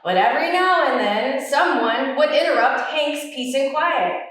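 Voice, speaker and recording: A woman librarian leading a children's story time, animated and coaxing, in a library. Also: high voice, measured pace. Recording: echoey room, mic far off.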